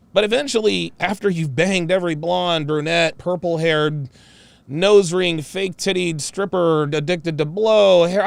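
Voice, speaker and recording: A man's voice: fairly high pitch, vocal fry, dry recording. A man in his forties hosting, giving profane, mocking reaction commentary on video clips and repeating his points. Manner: mocking, animated, repeats himself.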